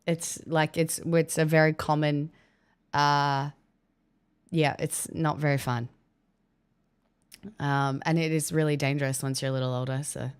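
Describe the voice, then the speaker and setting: Slow, smooth-voiced woman streamer. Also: sits low, level tone. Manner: chatty, thanking viewers, wry asides. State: recovering from illness, coughing. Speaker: livestreamer. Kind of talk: casual livestream chat.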